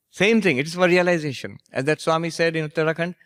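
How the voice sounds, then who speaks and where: A monk and spiritual teacher giving a storytelling lecture, anecdotal and gently humorous. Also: male voice, a little high, a little fast, long pauses, no echo, clean studio sound. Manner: anecdotal, gently humorous, laughs at his own stories.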